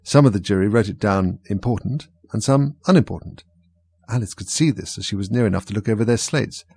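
Gravelly, husky male audiobook narrator. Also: fairly low pitch, brisk, darkish tone. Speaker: audiobook reader. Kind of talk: scripted narration.

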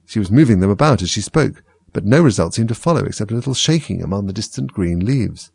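A man reading a storybook aloud in a measured, expressive way. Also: lowish voice, vocal fry, slightly rough, dry recording. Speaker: reader.

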